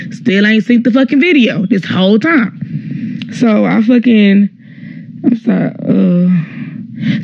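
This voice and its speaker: Young man, high voice, casual live-stream storytelling, rambling, lots of swearing, acts out quotes, dull lo-fi phone audio. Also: creaky, darkish tone, no room sound.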